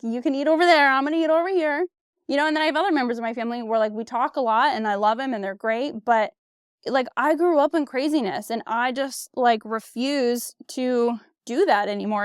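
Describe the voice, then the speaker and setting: A woman in her thirties hosts a solo podcast, speaking with a somewhat high, smooth, clear voice. She is candid and blunt, swears freely, and leans on "like" and "you know". The sound is dry and close, with no room in it. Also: no room sound. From United States. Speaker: podcast host. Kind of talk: casual solo podcast monologue.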